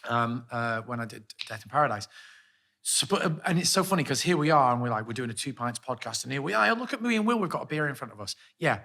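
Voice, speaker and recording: Fast, bright-voiced joking man. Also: medium pitch, sing-song, vocal fry. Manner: jokey, interjecting, teasing. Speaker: podcast co-host. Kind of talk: casual pub chat.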